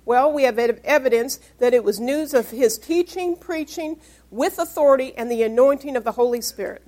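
A woman's voice: high-pitched, normal speed, a little mellow. A woman pastor preaching a Bible-study sermon. She reads scripture aloud and asks her congregation questions to prompt their answers. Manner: emphatic, call-and-response questions.

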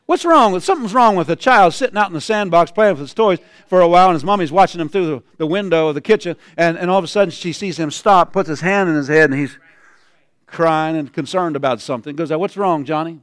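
A male pastor preaching a sermon in a church, his fairly high voice smooth and resonant. He calls out to the congregation and stacks repeated lines that climb into shouts. The sound is dry and close. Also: fast talker, no echo. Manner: preaching with rising shouted refrains.

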